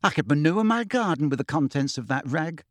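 A man's voice: on the high side, lively intonation, brisk, no echo, lightly acted. A man voicing a scheming middle-aged female reporter who talks coldly and scornfully. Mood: withering. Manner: cold, scornful, cackling.

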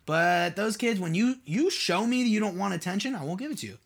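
A man runs his solo podcast as a loose, casual monologue, his voice sitting a touch higher than most men's. Brisk and lively in intonation, he barely pauses, turning to listeners with rhetorical questions and padding his thoughts with "like." He's a podcast host and mentor.

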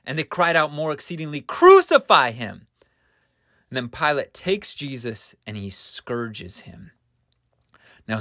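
A man telling a scripture lesson slowly and earnestly, stopping to restart a phrase now and then as he paints the scene. His voice sits in a dry, close space with no room sound. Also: mid-range voice, fairly bright tone, no room sound. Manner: earnest, vivid storytelling with small restarts. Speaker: scripture teacher.

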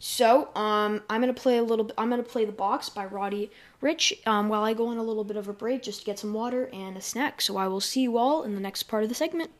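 A woman's voice: on the high side, quick pace, few pauses, slight background noise. A woman hosting a casual solo podcast from her bedroom on a desk mic, rambling along with lots of fillers and self-corrections. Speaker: podcast host.

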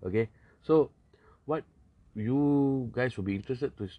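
A man's voice: mid-range voice, unhurried, no echo, muffled recording. A young man with a Singaporean accent giving casual, rambling political commentary, full of fillers and the odd swear word.

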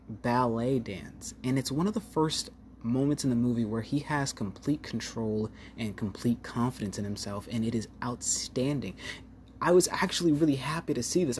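A man's voice: medium pitch, a little mellow, a little hiss or hum. A man giving a casual, rambling film review, full of fillers and open enthusiasm. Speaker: movie reviewer.

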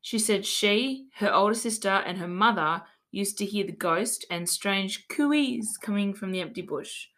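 A woman's voice: mid-range voice, unhurried, hardly any pauses, a bit bright. Giggly woman telling a spooky legend. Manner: giggly, chatty, reads quotes aloud with asides. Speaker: podcast host. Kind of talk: casual storytelling chat.

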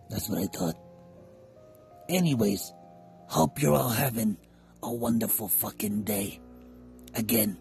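Brief: low, gravelly male host, slow and crude, mocking the listeners. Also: a little mellow. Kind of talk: profane comedic interlude.

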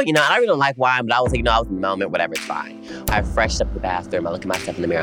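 Low-voiced young man telling a wild story. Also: very fast, music in the background. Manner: animated, dramatic, swooping into high squeals and low murmurs. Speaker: podcast co-host. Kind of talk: casual storytelling chat.

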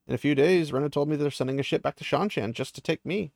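A man's voice: fairly high pitch, quick pace, gravelly, a little mellow, no room sound. A man paraphrasing the lines of a grim, resigned young captive woman, in a voice close to his own.

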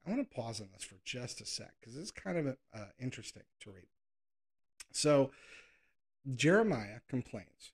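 Gravelly-voiced casual preacher man. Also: medium pitch, sing-song, normal speed, pauses often. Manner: conversational, with playful whiny voices for quoted complaints. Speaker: pastor. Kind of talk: casual sermon with scripture reading.

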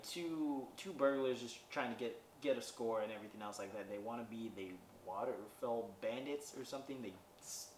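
A man casually recapping a movie on his podcast, rambling with lots of fillers and wry asides. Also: mid-range voice. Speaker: podcast host reviewing a movie. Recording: roomy sound, distant from mic, faint background noise.

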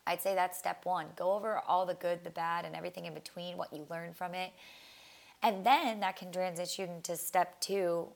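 Low gravelly young woman. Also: steady tone, normal speed. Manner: casual, heartfelt, rambling with frequent restarts and fillers. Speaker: podcast host. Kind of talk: reflective solo podcast monologue.

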